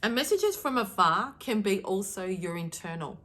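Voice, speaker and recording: A middle-aged woman delivering a channeled daily message to her viewers, emphatic and animated, deliberately shifting her tone to stir emotion. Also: mid-range voice. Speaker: spiritual card reader.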